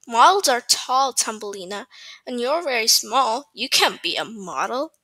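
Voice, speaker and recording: A woman's voice: fairly high pitch, animated, unhurried, sharp tone, slightly rough, no echo, heavily acted. A woman voicing a group of teasing friends who speak dismissively in a storybook reading. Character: group of mocking young friends.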